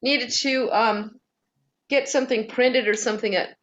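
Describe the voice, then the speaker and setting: A woman telling family stories in a casual, animated way, quoting relatives as she goes. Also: on the high side, normal speed. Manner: animated, laughing, quoting others.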